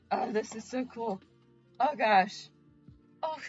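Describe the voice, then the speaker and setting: An excited woman streamer talks to her chat in a high-pitched voice, tripping over her words and piling up exclamations. The audio is a bit muffled, with faint music playing underneath. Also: slow pace, long pauses. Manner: excited, stammering, repeated exclamations. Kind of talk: live stream chat with viewers.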